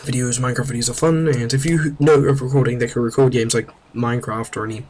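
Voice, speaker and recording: A man's voice: medium pitch, steady tone, fast, darkish tone, a little hiss or hum. A young man with a New Zealand accent, rambling casually and mocking himself over a strategy game. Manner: rambling, self-mocking, chatty. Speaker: gameplay commentator. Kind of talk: casual gameplay commentary.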